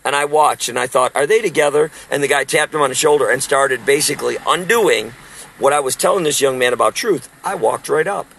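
A man's voice: medium pitch, fairly quick, gravelly, fairly bright tone, slight background noise, low-quality recording. A man in his sixties, a street preacher, telling emphatic stories about preaching in a casual talk. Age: 60s. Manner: emphatic, storytelling.

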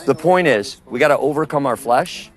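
A man preaching on the street outdoors, emphatic and forceful, quizzing his listeners with questions as he talks. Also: mid-range voice, animated, moderate pace.

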